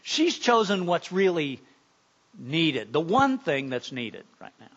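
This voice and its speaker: A male pastor with a high, bright, forceful voice delivers a sermon in a conversational way. He keeps asking the listeners questions and often repeats words as he builds his point. The recording is dull and lo-fi. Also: sing-song, slow pace.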